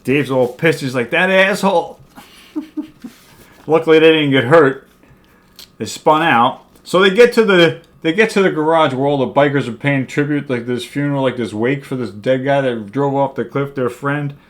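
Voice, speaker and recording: A man's voice: mid-range voice, moderate pace. An older man co-hosting a casual comic book chat, retelling a story in a rambling, chuckling way. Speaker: co-host.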